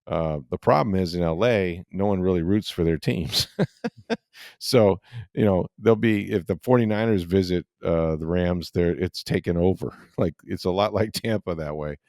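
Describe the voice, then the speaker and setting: Middle-aged male podcast host with a deep voice, chatty and rambling, dry studio sound. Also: moderate pace, darkish tone, no room sound. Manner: rambling storyteller with many fillers. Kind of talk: casual sports podcast chat.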